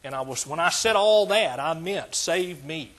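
A man's voice: on the high side, expressive, moderate pace, fairly bright tone. An older man preaching a sermon as pastor, emphatic and repetitive in his cadence.

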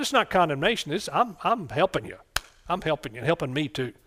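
A middle-aged man preaches with a voice pitched a little above most men's. He is fervent and keeps calling out for amens. He drops to quiet asides, then rises into loud bursts. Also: sing-song, a little fast. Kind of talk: sermon.

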